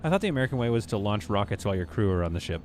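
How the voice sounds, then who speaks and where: A man's voice: lowish voice, big pitch swings, racing, a little mellow, slight background noise. Chatty male game streamer. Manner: chatty, laughing often, reads chat aloud. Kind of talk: live game streaming, reading chat.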